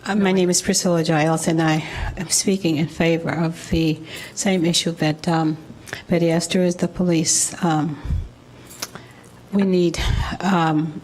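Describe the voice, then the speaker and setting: A woman addresses a city committee during public comment. She speaks in a somewhat low voice and goes slowly, pausing with ums and starting her sentences over. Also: little pitch movement, a little mellow, slight background noise. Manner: halting, full of ums and restarts. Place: city council meeting room.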